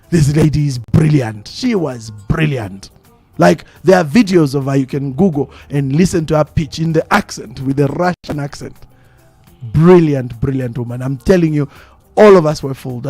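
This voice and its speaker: A Zambian man hosts a live radio talk show in a dry studio, faint music behind him. His voice sits a little high, and he tells stories in an animated way, hammering phrases home by repeating them. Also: no echo. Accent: Zambian English. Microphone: studio microphone.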